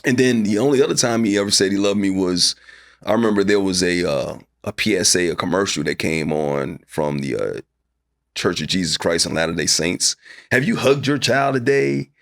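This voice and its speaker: A man's voice: low voice, a little fast. A man being interviewed as a guest, speaking candidly and conversationally and acting out people's voices as he tells his stories. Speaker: guest, sportscaster. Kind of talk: casual interview storytelling.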